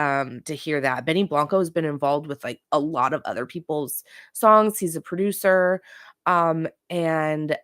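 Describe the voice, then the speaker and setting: A chatty, opinionated woman hosting a pop culture show, talking straight to her viewers in a casual recap. Her voice sits a little low, and the recording is dry and close with no room sound. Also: no echo. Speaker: pop culture podcast host.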